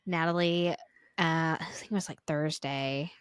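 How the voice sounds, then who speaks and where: A woman's voice: deep voice, unhurried, smooth, no echo. Chatty woman podcaster, dry close mic. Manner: chatty, filler-heavy, animated when quoting. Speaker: podcast co-host. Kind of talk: casual chat, storytelling.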